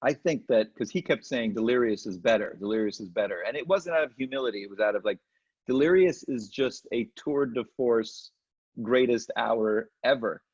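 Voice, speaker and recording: A middle-aged comedian telling lively stories in an interview, slipping into quick impressions. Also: male voice, mid-range voice, husky. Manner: animated anecdotes with quick impressions. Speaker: comedian guest. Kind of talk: storytelling interview chat. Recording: muffled lo-fi audio.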